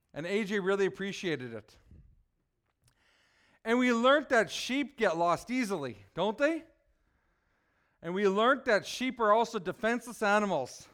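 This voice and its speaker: A man preaching a lively sermon that asks the listeners questions. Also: high-pitched, smooth. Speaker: children's preacher.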